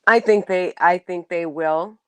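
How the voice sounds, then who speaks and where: With a lowish, clear, resonant voice and a slightly slow pace, a middle-aged woman hosts a casual livestream chat, no room sound present. She's warm, emotional, quick to laugh, and tends to restart sentences.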